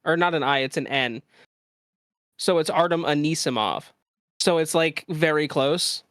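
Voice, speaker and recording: A woman co-hosting a casual stream chat, swearing freely and laughing between quick bits of banter. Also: deep voice, a bit bright, clean tone, no echo, studio quality. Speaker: podcast co-host.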